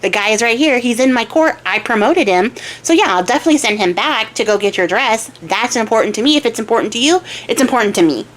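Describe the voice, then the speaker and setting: A woman's voice: on the high side, expressive, fast, few pauses, lightly acted. A woman voicing an old, demanding, boastful king who rambles and gushes in casual modern slang. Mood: bossy.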